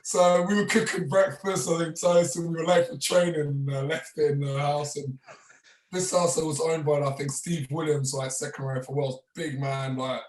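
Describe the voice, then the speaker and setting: A man's voice: fairly high pitch, normal speed. A man, a former rugby player guesting on a podcast, telling casual anecdotes with frequent chuckles and acted-out quotes. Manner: relaxed, chuckles often, acts out others' lines. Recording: roomy, distant mic.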